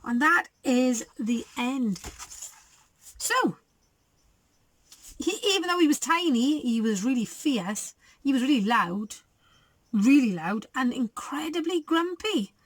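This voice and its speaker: Animated teacher reading a story. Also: female voice, high voice, takes it slowly, pauses often, dry recording. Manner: animated, coaxing and chatty with children. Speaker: primary school teacher. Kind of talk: storybook read-aloud for young children.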